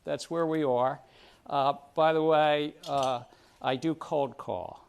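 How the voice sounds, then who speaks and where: A middle-aged man with a slightly high, creaky yet clear and resonant voice lectures slowly, with fairly even intonation, at a university. His style is chatty and conversational, and he frequently puts questions to students seated at round tables.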